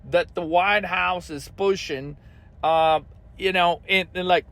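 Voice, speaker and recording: High-pitched guy ranting about trades, swears nonstop, heated vlog talk. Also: measured pace, a bit bright. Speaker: trading channel host.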